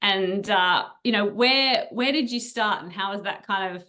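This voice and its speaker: An Australian woman hosting a podcast interview, bubbly and quick to laugh. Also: medium pitch, pushed and bright. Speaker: podcast host. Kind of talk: casual interview.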